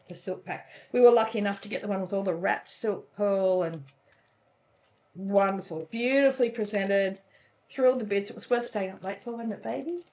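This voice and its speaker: A woman's voice: mid-range voice, darkish tone. A woman co-hosting a casual crafting chat, gushing and chatty, often trailing off mid-sentence. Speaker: co-host of a cross-stitch channel.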